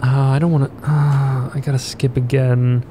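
A man's voice: mid-range voice, little pitch movement, moderate pace, noisy background. A man giving casual let's-play commentary, curious and talking to himself. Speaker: gaming YouTuber.

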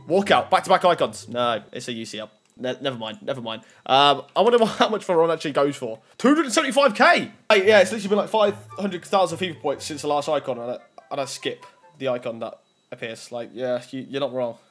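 High, lively gamer, husky-voiced. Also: male voice, fast talker, soft background music. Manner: excitable, bursts into shouts over big pulls. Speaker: gaming YouTuber. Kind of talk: pack-opening gaming commentary.

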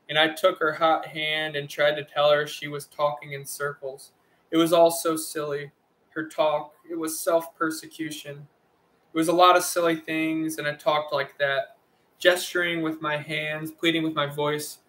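A man reads a first-person novel aloud in a bright, fairly high voice. His delivery stays level and measured, with little rise and fall in pitch. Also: level tone. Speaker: audiobook reader.

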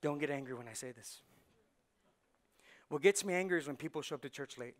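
A man, a pastor, preaching a sermon with rhetorical questions that build to shouting. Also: fairly high pitch, a little fast.

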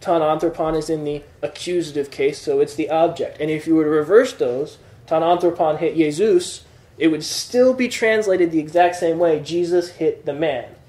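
A Greek teacher leads a class, explaining things patiently and making sure his students are following. His voice is fairly high and somewhat dark in tone, his pace moderate, and the room echoes.

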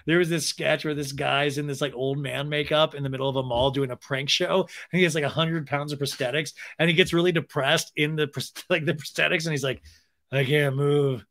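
Man, comedy podcast host, young adult, lively storyteller, slightly high voice. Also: brisk, hardly any pauses. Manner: animated, acts out quotes in funny voices; rambling asides. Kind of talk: comedic reality TV recap.

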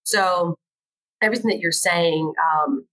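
A woman's voice: fairly low pitch, a little slow, poor audio. A woman educator as a podcast guest, chatting casually and telling stories animatedly. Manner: animated storytelling, acts out quoted voices. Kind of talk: casual conversation.

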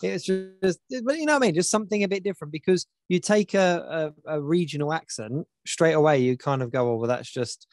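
A man's voice: on the high side, a little fast, few pauses, a little mellow, no echo. A man co-hosting a casual podcast chat, rambling and repeating himself as he searches for words. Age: adult with children. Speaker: podcast co-host.

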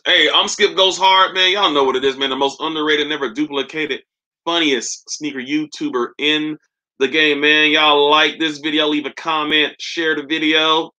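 A young man hosts a casual sneaker live stream, reading comments and roasting viewers with loose, slangy jokes. His voice sits a little high and sounds bright and forward.

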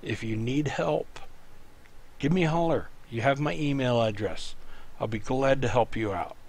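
A man's voice: mid-range voice, normal speed, darkish tone, slightly rough. A man teaching a language lesson while typing at his computer, patiently talking the student through each step. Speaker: Greek teacher. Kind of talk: screen-recorded tutorial lesson.

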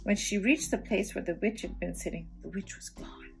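A woman reading a children's storybook aloud, pausing for gentle asides to young listeners. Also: medium pitch, vocal fry, faint music behind. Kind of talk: children's read-aloud narration.

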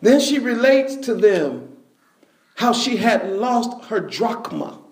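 High-voiced animated male preacher. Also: slow, reverberant. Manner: animated storytelling, bursts of shouting and laughter. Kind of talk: sermon.

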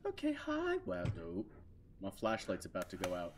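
A man's voice: low voice, fairly even intonation, normal speed, background noise. A man commentating a horror game as he plays, jumpy and muttering to himself, breaking into shrieks when scared. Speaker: gaming channel host.

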